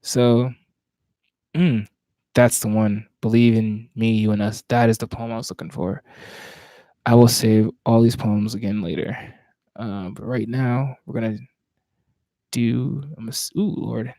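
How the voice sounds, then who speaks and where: Southern guy from virginia, poet rambling casual between poems, soft mellow tone, dry close sound. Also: on the low side, fairly even intonation, unhurried, pauses often, dry recording. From Virginia, USA. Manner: reflective, searching, speaks in broken restarts. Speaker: spoken word poet. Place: home, at night.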